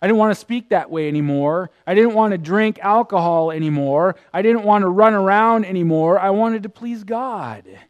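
A man delivers a sermon as pastor. His voice sits fairly high and swings from loud bursts to hushed, low passages. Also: normal speed, few pauses, dull audio.

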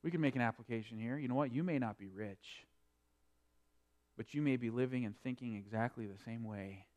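A man preaching a sermon, swinging between quiet explanation and loud emphatic preaching. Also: medium pitch, fairly quick, dull audio. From North Dakota. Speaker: pastor.

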